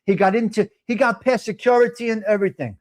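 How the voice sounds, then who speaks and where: Brief: New man in his late fifties, high-pitched for a man, loud profane live-stream host who rants and addresses his viewers directly. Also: fast. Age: 50s. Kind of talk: casual chat to live chat viewers.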